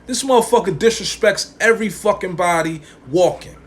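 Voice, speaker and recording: A man's voice: high-pitched, fairly quick, slight background noise. Fired-up slangy man ranting. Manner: emphatic, profane, repeats lines for emphasis; slangy street talk. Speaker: podcast host. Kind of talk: opinionated podcast rant.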